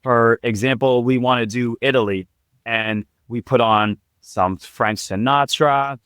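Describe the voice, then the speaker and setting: A man's voice: medium pitch, a little slow, a bit bright, smooth, no echo, clean studio sound. A man guest on a podcast, eagerly explaining his couples' dating program with everyday examples. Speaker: guest, couples' date coach. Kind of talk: explaining in an interview.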